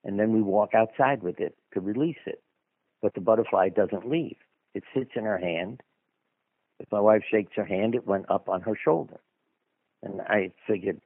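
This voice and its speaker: In a dry phone-line recording, a guest author being interviewed on the radio shares anecdotes, rambling conversationally with asides. His voice is fairly low in pitch with a breathy edge, at a normal speed.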